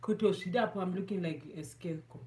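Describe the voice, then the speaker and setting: A woman's voice: fairly low pitch, quick pace, warm tone. Chatty Zimbabwean woman, self-mocking. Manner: chatty, self-mocking, switches between English and Shona. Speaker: beauty vlogger. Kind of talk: casual makeup tutorial chat.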